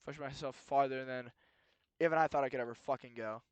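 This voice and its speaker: A young man ranting in a rambling, profane solo monologue, moving between low muttering and heated outbursts. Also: steady tone, a little fast, clean tone, dry recording. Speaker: solo podcast host. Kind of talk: rambling late-night monologue.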